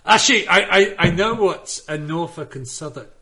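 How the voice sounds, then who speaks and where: A man's voice: on the high side, lively intonation, moderate pace, a crowd in the background. A man on a gaming podcast chatting casually, telling rambling, sweary stories full of restarts. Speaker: podcast panelist. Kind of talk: casual chat.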